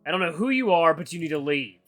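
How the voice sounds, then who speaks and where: A man voicing a protective male wolf stepbrother in a visual novel, loud, blunt and commanding. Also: a little high, expressive, fast, faint music behind. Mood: angry.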